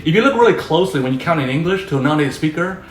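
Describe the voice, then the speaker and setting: A man's voice: on the high side, lively intonation, rapid-fire. Patient man teaching in an echoey room. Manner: patient, often checks in with "all right?" and "okay?". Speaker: language teacher. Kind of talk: casual explanatory lesson.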